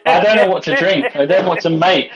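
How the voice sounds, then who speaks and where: A man co-hosting a casual video-call cocktail chat, excitable and swearing. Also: high-pitched, fast talker, over a noisy crowd, rough recording. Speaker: co-host.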